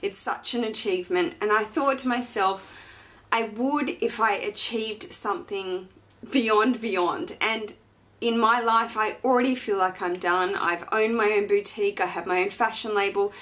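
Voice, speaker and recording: A woman in her thirties from Australia, a fashion vlogger, speaks with a mid-range, fairly bright voice, fairly even intonation, and a moderate pace. She's chatty, gushing, and emotional as she unboxes things and shares personal news.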